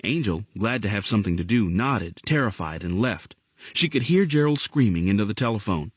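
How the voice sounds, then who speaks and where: A man reading a novel aloud as audiobook narrator, in an expressive storytelling manner. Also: fairly low pitch, brisk, slightly rough, no room sound. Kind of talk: scripted narration.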